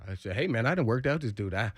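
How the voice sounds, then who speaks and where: A man's voice: medium pitch, expressive, fast, no room sound, clean studio sound. A man telling a story on a sports radio show, acting out what the players said with big jumps in his voice. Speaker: former NFL player telling a locker-room story. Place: radio studio.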